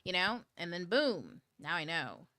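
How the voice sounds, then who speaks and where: A woman with a low voice talks straight to her audience in a loose, rambling way, cursing offhand and breaking into laughs. The sound is dry and close, with no room echo. She hosts her own livestream, recorded on a camera mic. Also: measured pace. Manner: swears casually, laughs often, rambling and animated. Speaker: host of a book club livestream. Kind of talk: casual chat to viewers. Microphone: camera mic on a DSLR.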